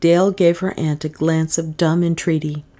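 A woman reading a novel aloud as a narrator, in a measured way, giving the characters modest voices of their own. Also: deep voice, little pitch movement, warm tone. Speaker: audiobook narrator.

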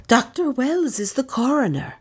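A woman doing a pert, high-voiced maid. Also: wildly swooping pitch, unhurried, a little mellow. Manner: pert and ironic. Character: pert, eager female maid.

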